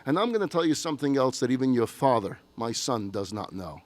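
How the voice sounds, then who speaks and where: Man doing a gruff old grandfather, former army man, heartfelt, confessional, middle-pitched voice. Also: very animated, a little fast, lightly acted. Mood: tender confession.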